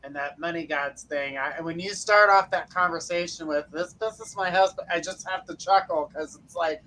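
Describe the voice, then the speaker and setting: A man's voice: fairly high pitch, moderate pace, sharp tone, low-quality recording. A man co-hosting a live show, calling up viewers' questions in an upbeat, chuckling way. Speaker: co-host. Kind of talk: casual chat, moderating live questions.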